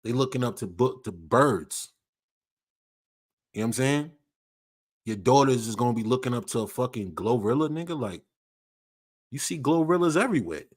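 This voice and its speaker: A man hosting a livestream, ranting in casual slang with lots of swearing and repetition. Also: mid-range voice. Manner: profane, animated, repetitive slang-heavy ranting. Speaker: livestream host.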